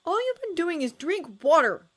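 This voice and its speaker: A woman's voice: very high-pitched, big pitch swings, normal speed, fairly bright tone, voice pushed up, full character voice. A woman voicing an anxious young man who desperately begs someone to eat. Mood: pleading. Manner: desperate, begging.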